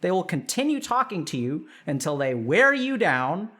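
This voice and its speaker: A man hosting a stream, giving casual advice and acting out dialogue with animated delivery. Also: high-pitched, moderate pace. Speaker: host.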